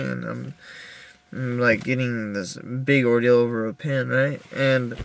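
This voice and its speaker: Creaky-voiced man venting in his car. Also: mid-range voice, level tone, fairly bright tone. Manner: halting, many restarts and fillers, upset. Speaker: video diarist. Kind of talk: personal video diary, venting.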